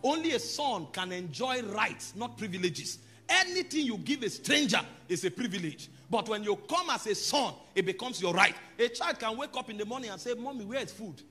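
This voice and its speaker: A man, preaching with a husky, bright edge and a voice that leaps high and low. He moves from calm teaching to loud, emphatic declarations. Soft music plays behind him. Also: normal speed. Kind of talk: sermon.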